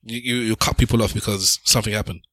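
A man rambles through a casual chat, restarting his sentences and slipping in jokes. His voice is bright and forceful. It is recorded close and dry. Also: lowish voice, fairly even intonation, quick pace, no echo.

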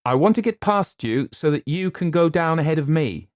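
A man's voice: a little high, lively intonation, normal speed, no room sound, studio quality, voice pushed up, natural voice. A man doing a grim, sardonic young man.

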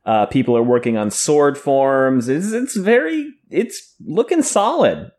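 A man's voice: mid-range voice, sing-song, unhurried, a little mellow. Guy chatting about a fantasy book, reads passages out, swears and jokes around. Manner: reads passages aloud then comments with profanity and jokes. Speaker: podcast co-host reading a book aloud. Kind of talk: casual book discussion with read-aloud passages.

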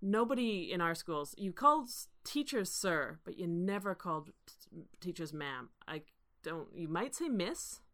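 A woman co-hosting a casual film discussion, talking in an animated way with restarts and laughs. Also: on the low side, unhurried. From Canada. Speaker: podcast co-host.

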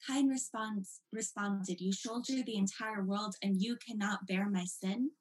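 A woman's voice: medium pitch, fairly even intonation, unhurried, low-quality recording. A woman giving a lecture as a teacher, reading passages aloud and stressing key words with dramatic emphasis. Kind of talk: recorded lecture.

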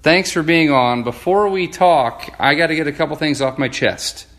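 A man's voice: a little high, moderate pace, fairly bright tone. Middle-aged guy hosting a podcast, joking around, kinda grumpy in a playful way. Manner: joking, self-declared cranky sports fan. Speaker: podcast host. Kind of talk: casual chat.

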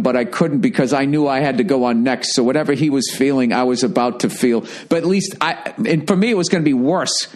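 A stand-up comedian telling a profane anecdote, ranting indignantly with heavy swearing. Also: male voice, a little high, darkish tone.

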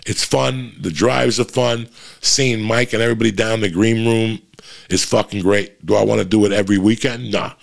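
A middle-aged man telling a rambling, profane story in a casual monologue, with a gravelly voice. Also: lowish voice, fairly even intonation, normal speed. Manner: profane, rambling, frequent restarts.

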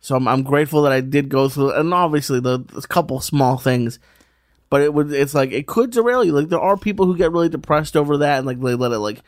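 A young adult man co-hosting a podcast, talking casually in a hesitant, halting way. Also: a little high, dry recording, clean studio sound. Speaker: podcast co-host. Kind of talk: casual chat.

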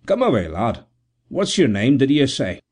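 A man voicing a rough, good-natured doctor in a storybook reading. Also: mid-range voice, big pitch swings, normal speed, darkish tone, pitched above the performer's own voice. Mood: gruff kindly. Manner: rough and kindly. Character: gruff good-natured Scottish town doctor.

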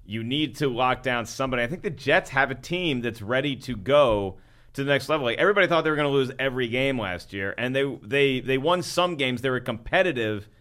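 A man's voice: mid-range voice, lively intonation, fairly quick, a bit bright. A man co-hosting a loose podcast conversation. His voice sits mid-range, and he talks earnestly, restarting his sentences as he works through a point. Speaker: podcast co-host. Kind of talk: casual chat.

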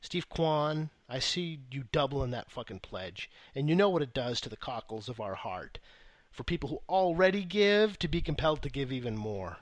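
A man's voice: medium pitch, big pitch swings, normal speed, dry recording. Brief: podcast co-host, man, wry and profane, reading letters, dead-dry close mic. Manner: profane, wry, mock-reverent. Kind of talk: casual chat reading listener letters.

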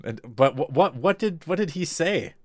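A man's voice: fairly high pitch, expressive, normal speed, a crowd in the background. A man co-hosting a podcast, rambling in casual chat with many fillers and restarts. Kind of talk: casual chat about TV shows.

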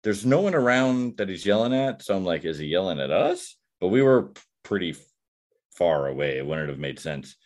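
Casual male podcaster, very deep, laid-back and rambling. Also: expressive, fairly quick, darkish tone. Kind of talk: casual chat.

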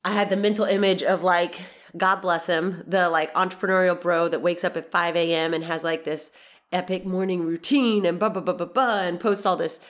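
In a casual podcast monologue, a woman in her 30s speaks at normal speed in a fairly low voice with fairly even intonation, nasal and stuffy from allergies. Bubbly and talkative, she laughs often and drops casual swears.

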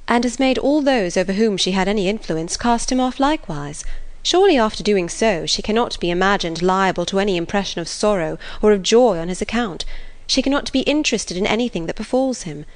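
A woman reading the part of a calm, sensible young woman who reasons firmly. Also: medium pitch, close to an everyday voice. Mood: reasoning. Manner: calm, measured.

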